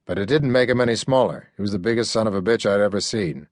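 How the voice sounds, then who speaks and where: A man reading a hardboiled first-person audiobook, gruff and sardonic in a dry, deadpan way. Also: fairly low pitch, quick pace, no echo. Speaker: audiobook narrator.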